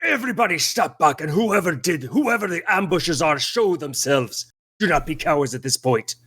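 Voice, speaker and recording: A man's voice: a little high, lively intonation, normal speed, a bit bright, husky, pitched above the performer's own voice. A man voicing a hulking commanding cat-man warrior. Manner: barking orders in clipped, stiff phrasing.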